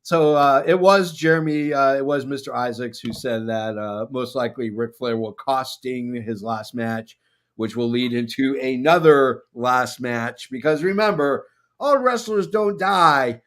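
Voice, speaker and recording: Podcast host guy rambling w lots of uhs, middle pitch. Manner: rambling, with many filler pauses. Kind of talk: casual chat.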